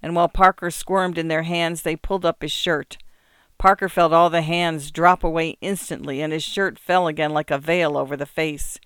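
A man narrating a story in a measured, subdued reading. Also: a little high, fairly even intonation, fairly bright tone, clean tone, dry recording, clean studio sound.

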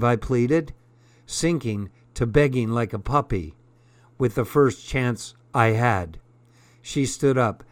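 A man narrating a first-person story aloud in an unhurried, deliberate reading. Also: mid-range voice, no echo. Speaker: audiobook narrator.

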